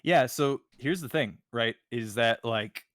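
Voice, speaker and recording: Man, streamer co-host, rambling and emphatic, mid pitch, dry close sound. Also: takes it slowly, a bit bright, no room sound. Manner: rambling, emphatic, frequent restarts. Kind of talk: casual political chat.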